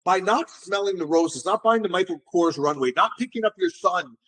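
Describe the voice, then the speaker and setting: A middle-aged man, an entrepreneur being interviewed, telling stories in a casual, animated way and often repeating words as he restarts. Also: high voice, moderate pace, slight background noise. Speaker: entrepreneur guest.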